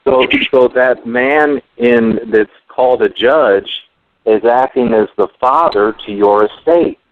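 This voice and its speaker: A man's voice: mid-range voice, slow pace, no echo. A man hosting a talk radio discussion, earnest and explanatory. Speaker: radio host. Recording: tinny phone-line radio audio.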